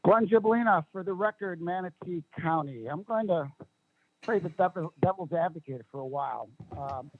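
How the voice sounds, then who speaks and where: A man's voice: high voice, animated, normal speed, dry recording, phone-quality sound. A man giving public comment at a county meeting, emphatic and argumentative, pressing his point with rhetorical questions.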